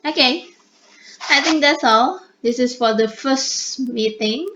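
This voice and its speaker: A woman with an Indonesian accent giving an online lecture, moving between English and Indonesian with slow explanations. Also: high-pitched, fairly bright tone, slight background noise. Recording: dull lo-fi recording.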